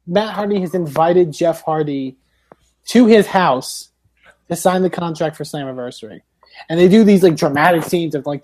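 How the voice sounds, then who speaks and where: A man's voice: high voice, dark tone. A man co-hosting a podcast, recapping with sarcastic, profane remarks in casual chat. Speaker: podcast co-host.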